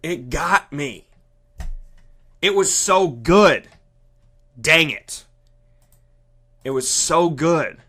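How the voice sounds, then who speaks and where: A man hosting a radio show, talking in an animated, emphatic monologue and acting out the voices he quotes. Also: a little high, drawn-out words, pauses often. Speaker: radio host and broadcaster. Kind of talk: energetic monologue.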